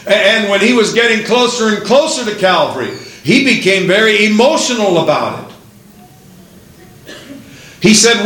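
A man's voice: high voice, animated, normal speed, pauses often, a bit bright, roomy sound, low-quality recording. A man preaching a sermon in a church, building his points with one emphatic rhetorical question after another.

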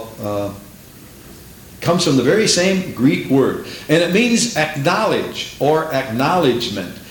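A male preacher delivering a sermon in a sing-song cadence, his voice swooping lively up and down as he repeats phrases. He quotes scripture in old-fashioned biblical wording, and his fairly high voice carries through an echoey room with a faint hiss behind it.

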